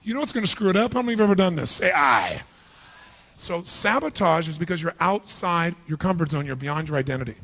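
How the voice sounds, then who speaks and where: A man with a raised, gravelly voice works a packed hall as a motivational speaker. He fires question after question at the crowd and slips into the voices of their doubting thoughts, pushing hard to get answers back. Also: high voice, quick pace, hardly any pauses, fairly bright tone. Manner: rhetorical questions to a crowd, acts out inner voices. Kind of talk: live motivational seminar speech. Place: large hall with a live audience.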